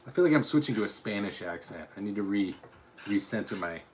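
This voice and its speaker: A man's voice: fairly low pitch, animated, fast talker, a little mellow, a little hiss or hum. A man hosting a livestream, reading and answering chat in an exaggerated put-on French accent with broken English, teasing and playful. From Utah.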